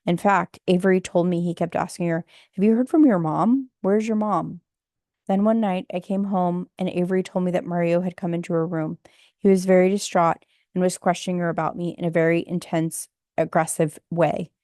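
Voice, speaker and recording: A woman reading a memoir audiobook in a steady, subdued, somber way. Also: on the low side, brisk, dry recording, clean studio sound. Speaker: audiobook narrator.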